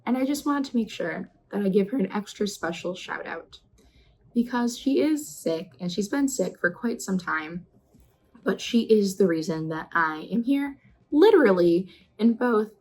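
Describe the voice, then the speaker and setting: A woman in her twenties talking casually to the camera in a personal vlog, chatty and earnest, her questions rising with excitement. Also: mid-range voice, normal speed, poor audio. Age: 20s. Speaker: vlogger.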